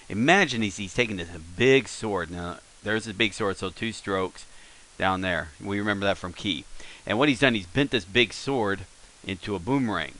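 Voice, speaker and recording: A man's voice: low-pitched, sharp tone, low-quality recording. A man teaching a casual recorded lesson, explaining in a rambling way with many fillers and self-corrections.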